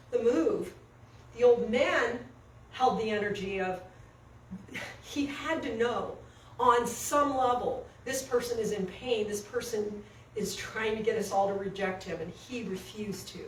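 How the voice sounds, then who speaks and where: A woman telling a story in a coaching session, animated and acting out quotes, recorded off-mic in an echoey room with faint noise. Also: a little high, distant mic.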